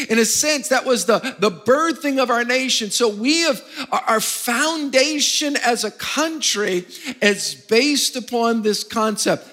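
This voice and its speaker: A man preaches with emphatic energy, pausing to draw answers from his congregation. His voice sits high and sounds bright and forceful. It rings out with the long reverb of a large hall. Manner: emphatic, calls for congregation responses. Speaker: pastor. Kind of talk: sermon.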